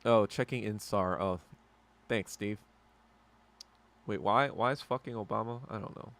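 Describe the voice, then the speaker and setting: A man hosting a podcast livestream rants in a casual, profane, heated way, wandering from topic to topic. His voice is fairly low and fairly bright, and he speaks unhurriedly.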